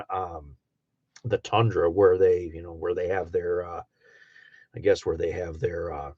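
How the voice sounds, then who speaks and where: With a lowish voice and an Upper Midwest accent from Michigan, a middle-aged livestream host reads chat while rambling casually and folksily, sprinkling in many ums and uhs. The recording has no echo and a dull, dry, lo-fi quality.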